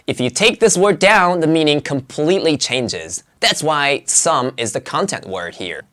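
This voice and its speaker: Animated, sing-song English pronunciation teacher. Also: measured pace. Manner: clear, emphatic teaching delivery with dramatic pitch swings. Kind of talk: scripted lesson narration.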